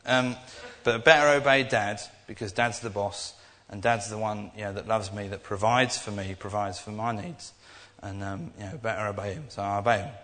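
Rambling young preacher in a hall. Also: male voice, on the low side, normal speed, hardly any pauses, pushed and bright. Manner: rambling and earnest, with many restarts. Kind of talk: informal sermon. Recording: echoey hall.

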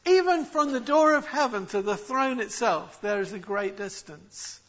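High, bright-voiced male preacher. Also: lively intonation, moderate pace, dull audio. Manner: expository, emphatic, with frequent restarts. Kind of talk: sermon.

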